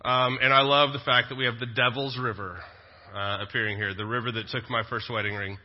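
A man's voice: medium pitch, flat delivery, fairly quick. A male pastor, preaching a sermon in a conversational style with joking asides. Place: church sanctuary. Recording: dull lo-fi sound with long reverb.

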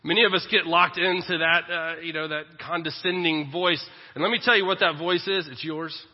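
A middle-aged man preaching a sermon in a church, swinging between loud emphatic lines and soft tender ones. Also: fairly high pitch, fairly even intonation, normal speed. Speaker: pastor. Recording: echoey hall, dull lo-fi audio.

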